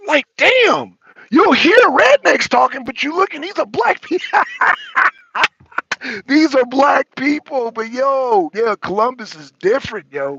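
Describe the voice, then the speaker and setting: A man chatting loosely as a talk show panelist, animated and profane, often laughing and repeating words. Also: very high voice, unhurried, vocal fry, husky, highs cut off. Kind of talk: casual chat.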